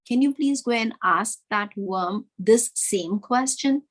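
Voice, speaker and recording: A woman voicing a calm male deity in a retold story, giving gentle but firm instructions. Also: a little high, takes it slowly.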